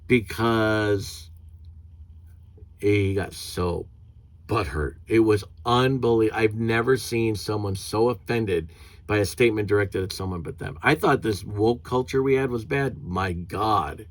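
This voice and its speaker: A man ranting angrily in a vlog, indignant and swearing, mocking others in a high put-on voice. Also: measured pace, no room sound. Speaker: vlogger.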